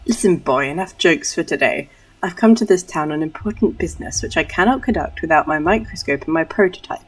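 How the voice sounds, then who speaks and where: A woman's voice: low voice, animated, distant mic, faint music behind, rough recording. A woman doing a haughty pretentious scholar. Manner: slow, haughty, formal. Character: pretentious learned man, aloof scholar.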